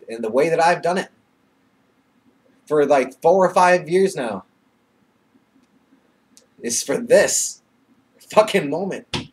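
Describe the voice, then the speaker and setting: A man's voice: a little high, animated, takes it slowly, pauses often, slightly rough. A young man vlogging into his webcam, rambling with lots of fillers and swearing, nervous and emotional, often breaking into laughter. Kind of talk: casual webcam vlog.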